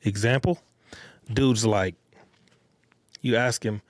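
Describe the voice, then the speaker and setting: A man's voice: fairly low pitch, steady tone, slow, no room sound, studio quality. A man hosting his own podcast, talking bluntly and repetitively to his listeners in street slang. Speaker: podcast host. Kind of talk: casual monologue podcast.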